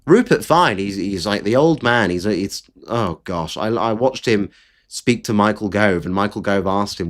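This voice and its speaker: A man's voice: on the low side, expressive, normal speed. Guy doing solo politics commentary, blunt and sweary, voice swings all over the place. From Britain.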